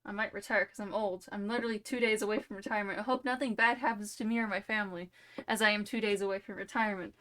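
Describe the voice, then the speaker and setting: A young woman voicing an old man about to retire, with deadpan, mock-earnest delivery. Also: mid-range voice, quick pace, natural voice.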